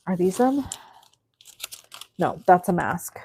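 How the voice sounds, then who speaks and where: A woman's voice: on the low side, unhurried, darkish tone. A middle-aged woman hosting a live crafting stream, chatting with viewers in a gushing, effusive way as she works. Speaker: crafting livestream host.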